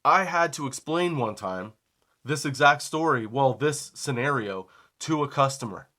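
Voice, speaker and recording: Animated man telling a shop story. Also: medium pitch, a little slow. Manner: animated, acts out both sides of dialogue, laughs often; conversational, says "okay?" and "dude" often. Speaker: podcast host. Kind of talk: casual comedic storytelling.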